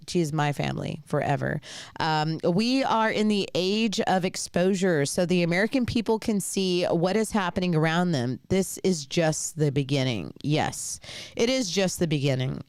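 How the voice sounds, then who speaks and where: A woman hosts a live talk show with a low, smooth, resonant voice. She rambles through her points and states her opinions bluntly. The sound is dry and close, with no room around it. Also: dry recording. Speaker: host. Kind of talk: casual live commentary.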